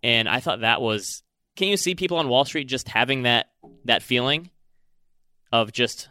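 This podcast co-host speaks at normal speed with a medium pitch and clean tone, no echo behind him. Casual and animated, he discusses a movie and acts out its lines.

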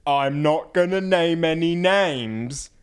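Male co-host, slight lisp, higher voice, relaxed chatty delivery. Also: slow, clear, resonant tone. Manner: chatty, laughs often, repeats words. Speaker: podcast co-host. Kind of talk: casual chat.

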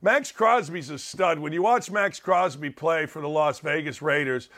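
A man hosting a sports talk show, delivering a sarcastic, heated commentary rant with bursts of shouting. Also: fairly high pitch, normal speed.

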